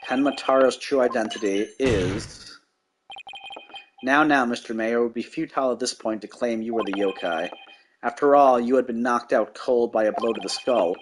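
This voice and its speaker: A man voicing a condescending, scheming male prosecutor from a courtroom game, speaking in a mocking, deliberate manner. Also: medium pitch, background noise, pitched below the performer's own voice, lightly acted. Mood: smug.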